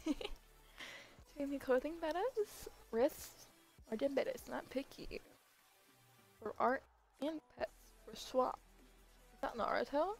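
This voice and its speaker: A woman's voice: high voice, lively intonation, slow, gravelly, pauses often, faint music behind. A young woman streaming a game live, chatting casually with viewers, giggling and stumbling over her words. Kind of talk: casual live-stream chat while gaming.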